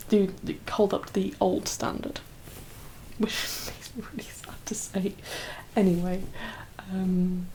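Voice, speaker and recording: Young woman talking soft asmr-style, half whispering, a bit teary, lots of ums, close mic, faint hum behind. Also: mid-range voice, low-quality recording. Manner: soft-spoken, drifting into whispers; rambling, full of fillers and laughs. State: teary, emotional. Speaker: ASMR creator. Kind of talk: soft-spoken ASMR chat.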